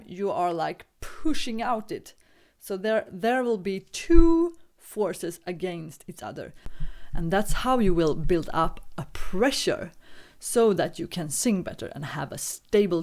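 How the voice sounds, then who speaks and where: A woman teaching singing, walking through a vocal warm-up with calm, patient step-by-step instructions. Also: medium pitch.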